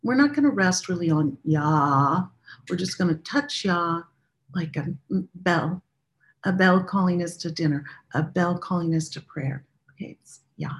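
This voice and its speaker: Gentle woman guiding a chant practice. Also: lowish voice, expressive. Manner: gentle, unhurried, intimate; talks directly to listeners in a plain, candid way. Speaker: meditation and prayer teacher.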